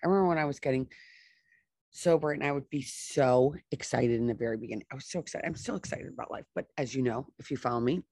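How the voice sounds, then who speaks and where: A woman's voice: extremely low pitch, fast, a little mellow, husky, dry recording. A middle-aged woman hosting a solo podcast, talking with enthusiasm and repeating phrases for emphasis. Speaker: podcast host.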